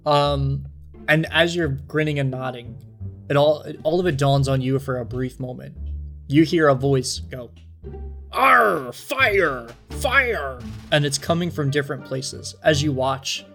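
A man running a tabletop game as game master, narrating scenes in a measured, descriptive way with small fillers. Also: medium pitch, steady tone, faint music behind.

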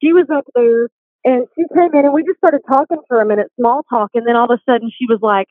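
A woman with a fairly high voice tells her faith story earnestly and with animation. She comes through a dry, tinny phone line. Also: fast talker, no echo. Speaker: guest. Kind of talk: faith testimony chat.

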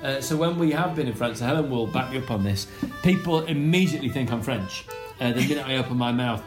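A man's voice: medium pitch, lively intonation, fast, reverberant, music in the background. A middle-aged Englishman co-hosting a podcast, chatting casually and joking with mock French and put-on voices. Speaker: podcast co-host. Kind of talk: casual chat, reading listener suggestions.

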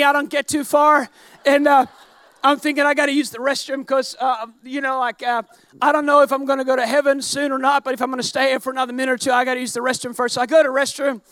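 A man delivers a lively sermon in a strikingly high voice, laughing at himself as he tells a story. He breaks into shouts as the story builds. The sound is dry and close, with no room echo. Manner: animated, self-mocking, often shouting. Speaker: pastor. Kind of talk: storytelling sermon to a live audience.

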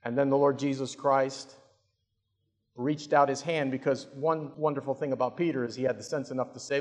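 Dramatic preacher in an echoing hall. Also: male voice, medium pitch, steady tone, moderate pace. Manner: dramatic, humorous, varies loudness. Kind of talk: sermon storytelling. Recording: long reverb of a large hall.

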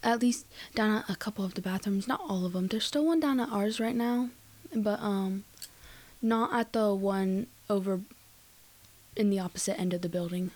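A woman's voice: medium pitch, moderate pace, darkish tone. A teenage girl chatting casually on a family podcast, rambling with lots of likes and ums. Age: teen. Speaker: co-host, child.

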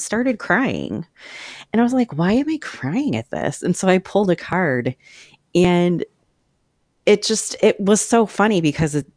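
Host, casual chat, rambling and animated, mid pitch, very dry close recording. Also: no echo. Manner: chatty, rambling, animated storyteller.

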